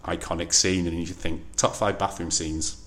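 Low-voiced guy chatting on a podcast, laughs a lot, gets animated telling stories. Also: normal speed, slight background noise. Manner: chatty, laughs often, animated retelling of film scenes. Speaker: podcast co-host. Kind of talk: casual chat.

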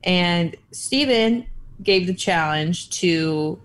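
A woman's voice: fairly low pitch, extremely slow, a little hiss or hum. A woman co-hosting a reality TV recap podcast, speaking in a wry, mock-formal way. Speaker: podcast co-host. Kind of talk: casual chat.

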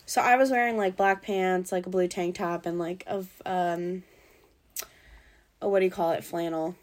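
A woman's voice: fairly low pitch, fairly even intonation, moderate pace, a little mellow. A young woman from the US Pacific Northwest telling a podcast host about a bad date in a rambling, casual way, full of fillers and swearing. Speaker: podcast guest. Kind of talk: casual storytelling chat.

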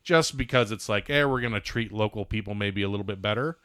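A man with a fairly low, smooth voice trades wry jokes in a casual news chat. He muses aloud, hedging with plenty of fillers. The sound is close and dry. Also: fast, fairly bright tone, no room sound. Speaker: podcast co-host.

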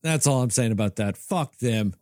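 A man's voice: mid-range voice, animated, normal speed, a little mellow, no echo. A man co-hosting a podcast in casual chat, ranting in a heated, profane way. He is from Texas. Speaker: podcast co-host.

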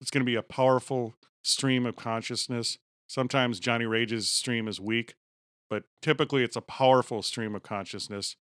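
A man co-hosting a comedy podcast, hamming it up like a pompous announcer. His voice sits at an ordinary middle pitch, and it is recorded bone-dry and close. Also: steady tone, moderate pace, fairly bright tone, no room sound. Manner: mock-grandiose announcer delivery, keeps saying "powerful". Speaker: podcast co-host.

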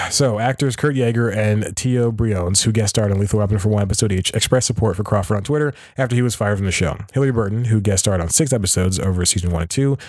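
A man's voice: on the low side, fast talker, darkish tone, no echo. Chuckling man hosting a dry-sounding podcast. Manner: chuckles often while reading, rambling self-corrections. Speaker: podcast host. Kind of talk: casual solo commentary, reading an article aloud.

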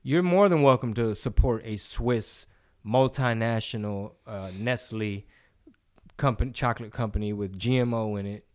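A man's voice: lowish voice, normal speed, darkish tone. A young man co-hosting a podcast in casual, profane chat, often slipping into mocking impressions. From Texas. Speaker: podcast co-host.

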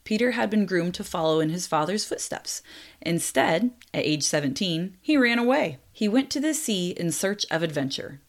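A young woman narrating a true story in a lively way, with apologetic, self-deprecating asides. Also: on the low side, normal speed. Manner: lively, laughs at own slips, apologetic asides.

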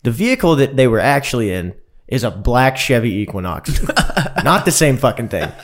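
A man co-hosting a casual podcast, telling a story in a profane, animated way and laughing often. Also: mid-range voice, moderate pace. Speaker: podcast co-host.

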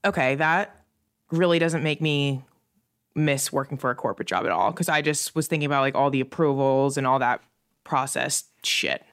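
A woman in her late twenties co-hosting a podcast, telling stories in an animated way with frequent laughter and casual swearing. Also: extremely low pitch, normal speed, smooth. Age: late 20s. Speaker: podcast co-host. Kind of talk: casual chat.

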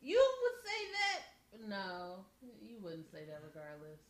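A woman's voice: mid-range voice, wildly swooping pitch, slow pace, sharp tone. A young woman co-hosting a casual chat, playful and teasing, laughing often. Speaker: podcast co-host. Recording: roomy with faint noise.

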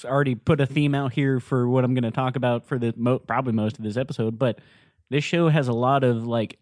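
A man's voice: medium pitch, steady tone, fairly quick, a little mellow. A man with a mid-range voice co-hosts a podcast, talking casually and breaking scenes down point by point. He sounds enthusiastic, and the recording is dry and close with no room echo. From United States. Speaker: podcast co-host. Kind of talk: casual chat.

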